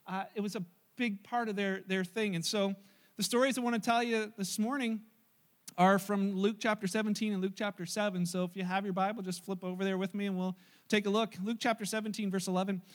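A male pastor preaching a sermon, telling stories in an animated way and acting out the voices. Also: high-pitched, fairly quick. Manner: animated storytelling with acted-out voices.

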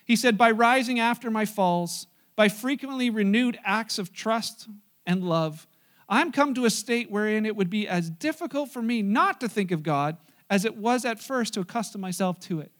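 A man's voice: high-pitched, animated, moderate pace, fairly bright tone. A man pastor delivering a conversational sermon, mixing stories and humor with plain teaching. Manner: conversational preaching with asides and humor.

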